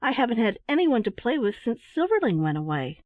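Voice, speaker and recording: A woman's voice: fairly high pitch, big pitch swings, fairly quick, dry recording. A woman voicing a sweet, wistful little girl. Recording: dry, phone-like narrow sound.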